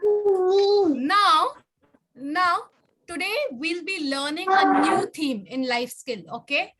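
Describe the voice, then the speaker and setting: A woman teacher leading a children's class over a video call, coaxing and brisk as she calls on pupils by name. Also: very high-pitched, animated.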